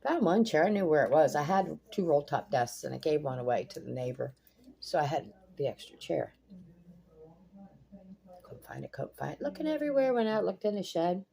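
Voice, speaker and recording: A woman's voice: low-pitched, big pitch swings, moderate pace, vocal fry, warm tone, slight background noise. An older woman vlogging casually from her home kitchen, blunt and swearing freely as she rants in exasperation. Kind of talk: casual vlog chat. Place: home kitchen by pool windows.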